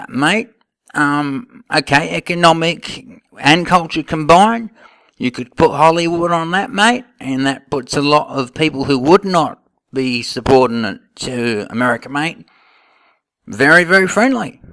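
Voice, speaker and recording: A man's voice: a little high, expressive, measured pace, pushed and bright, no room sound, studio quality, voice pushed up, full character voice. A man voicing a blunt Australian bloke pundit who rambles and says "mate" constantly. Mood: emphatic. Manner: peppers everything with "mate", rambling.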